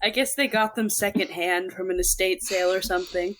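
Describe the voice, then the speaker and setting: A woman's voice: medium pitch, steady tone, fairly quick, a bit bright, a little hiss or hum. A woman chiming in playfully during a casual group reading of a fanfic. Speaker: co-reader. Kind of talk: casual riffing chat.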